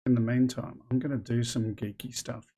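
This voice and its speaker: A man chats through a live stream in a loose, rambling way, thinking aloud as he goes. His voice sits at an ordinary middle pitch for a man. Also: flat delivery, normal speed, warm tone, slightly rough. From Australia. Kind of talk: casual live stream chat.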